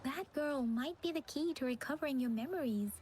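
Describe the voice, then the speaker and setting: A woman voicing a calm young female companion in a game, explaining things gently. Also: high voice, fairly quick, a little hiss or hum, lightly acted. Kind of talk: game voice acting.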